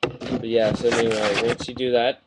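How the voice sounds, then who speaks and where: A man talking through a model kit review in a casual, rambling way, getting excited and often correcting himself mid-sentence, recorded on a webcam mic. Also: medium pitch, moderate pace, very noisy.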